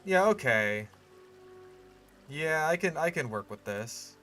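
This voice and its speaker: A man's voice: a little high, expressive, slow pace, pushed and bright, soft background music. A man chatting casually as he builds in a park game, rambling and thinking aloud with plenty of fillers. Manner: musing, rambling, lots of fillers. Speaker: gaming channel host.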